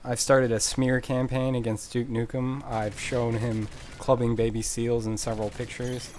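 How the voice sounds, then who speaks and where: A man rambling through casual game commentary in a sarcastic, deadpan joking manner, recorded on a desk mic as a voice-over. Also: medium pitch, normal speed, a little hiss or hum. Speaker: gameplay commentator.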